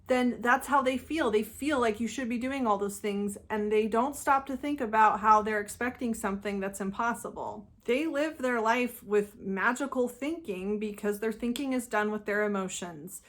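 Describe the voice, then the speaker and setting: Earnest higher-voiced woman explaining. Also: normal speed, hardly any pauses, a bit bright. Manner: earnest, emphatic, explaining step by step. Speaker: host of a channel about narcissism. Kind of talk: explanatory solo talk.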